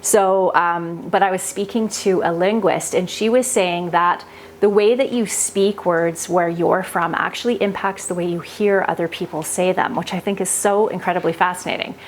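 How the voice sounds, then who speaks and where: Canadian woman, chatty home-cooking vlogger, lower voice, faint background hiss. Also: fairly even intonation, normal speed. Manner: chatty, laughs easily, thinks aloud while cooking. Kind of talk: casual cooking chat. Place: home kitchen.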